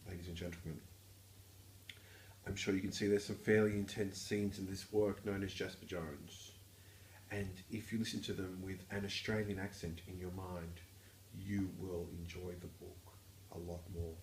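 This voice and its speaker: A man giving a mock-formal, pompous and deadpan introduction as a guest reader. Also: low voice, normal speed, reverberant, slight background noise.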